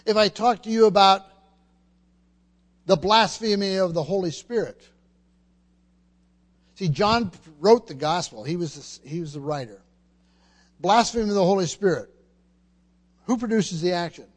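High-voiced man preaching a sermon. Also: expressive, a little slow, long pauses. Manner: emphatic, repeats words while teaching; asks the congregation questions.

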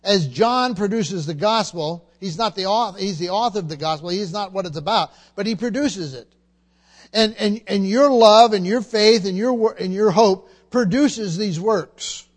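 High-voiced man preaching a sermon. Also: moderate pace. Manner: emphatic, repeats words while teaching; asks the congregation questions.

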